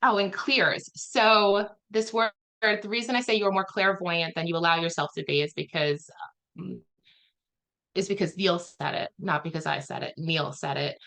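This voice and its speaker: A woman's voice: mid-range voice, pushed and bright. A woman healer chatting loosely about a healing session, rambling with lots of "like" fillers. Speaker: spiritual healer guest. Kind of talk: casual chat explaining a healing session.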